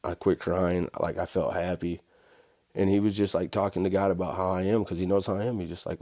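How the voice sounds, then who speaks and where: Man, very low voice, casual storyteller, dry close sound. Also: brisk, no echo. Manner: casual, animated storytelling with frequent "right?" and "like". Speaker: podcast guest. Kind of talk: conversational storytelling.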